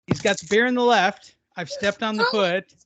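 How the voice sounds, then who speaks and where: Joking around on a boxing podcast, a male co-host playfully spins silly hypothetical fight scenarios. His high-pitched voice swings hugely in pitch at a moderate pace, with a fairly bright tone and slight background noise.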